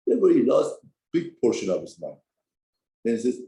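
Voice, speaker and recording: A man giving a Torah class, telling a story with lively emphasis and broken English phrasing. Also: mid-range voice, moderate pace, echoey room, rough recording. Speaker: Torah teacher. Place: study hall.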